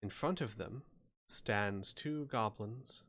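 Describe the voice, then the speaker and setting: A man narrating a tabletop game as game master, describing scenes in an unhurried way with frequent ums and uhs. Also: lowish voice, a bit bright.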